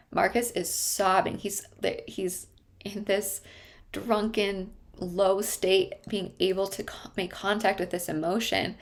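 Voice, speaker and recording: A woman therapist talks through a TV drama with earnest emphasis and a steady mid-range pitch. Her voice carries a noticeable gravelly fry. She leans on key words and slows down to stress them. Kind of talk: explanatory commentary on a TV show.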